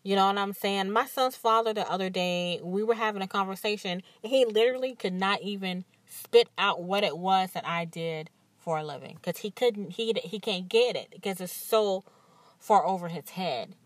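A woman hosting a podcast, telling stories in an animated, candid way and acting out what others said. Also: medium pitch, normal speed, no echo. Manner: animated storytelling with acted-out quotes and frequent laughs; emphatic and candid. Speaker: podcast host. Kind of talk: casual monologue.

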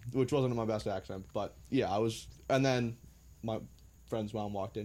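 A man's voice: lowish voice, normal speed, a little mellow. A young American man telling travel stories in a laid-back, joking way, with some swearing. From United States. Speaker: guest. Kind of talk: casual storytelling.

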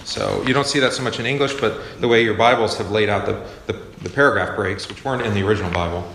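Casual Bible study leader, a man with a low, gravelly voice, echoey room. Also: quick pace, fairly bright tone. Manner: conversational, self-correcting, asks the class questions. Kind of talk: informal classroom teaching. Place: classroom or church meeting room. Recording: echoey room with faint noise.

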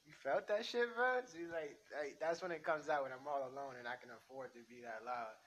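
A man hosting a casual home podcast, talking in a soft, rambling, slangy monologue. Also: medium pitch, fairly even intonation, brisk, low-quality recording. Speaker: podcast host. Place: home room.

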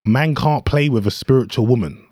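A man's voice: mid-range voice, normal speed, breathy edge, no echo, studio quality. A young man, telling a story in casual chat with friends, full of slang and laughter. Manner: animated, slangy, acts out quotes with laughter.

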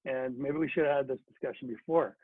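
A man's voice: medium pitch, fairly even intonation, fast, narrow, tinny audio, a little hiss or hum, lightly acted. A man putting on the voice of a blunt, aggressive older hockey team leader while retelling a story. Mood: stern. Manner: firm, commanding.

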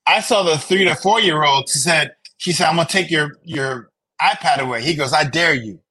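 A man co-hosting a casual chat, animated and acting out the people he quotes. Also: a little high, moderate pace, husky, no echo, poor audio. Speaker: podcast co-host.

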